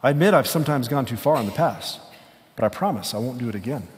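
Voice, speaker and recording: A preacher voicing a pleading, wheedling lizard that clings to a ghost, reading it in a low, hushed voice in a long-echoing hall. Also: male voice, animated, fast, lightly acted. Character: chattering wheedling male lizard on a ghost's shoulder.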